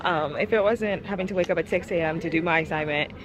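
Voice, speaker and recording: A young woman chatting casually to camera in a vlog, animated and laughing often. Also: on the low side, fast talker, background noise. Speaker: vlogger.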